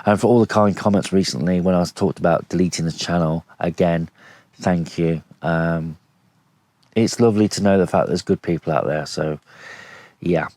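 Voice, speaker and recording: A weary man with a very low voice chats to an action camera from inside a tent. He rambles along at an easy pace, filling gaps with ums and small restarts. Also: fairly quick, a little mellow, dry recording. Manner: rambling, easygoing, many fillers. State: tired. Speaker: camping vlogger. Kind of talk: casual vlog chat to camera.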